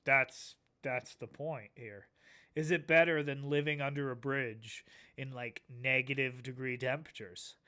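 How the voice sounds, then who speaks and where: A man's voice: mid-range voice, steady tone, measured pace, pushed and bright, clean tone. A man streaming a casual reaction, laid-back, swearing a lot and laughing often.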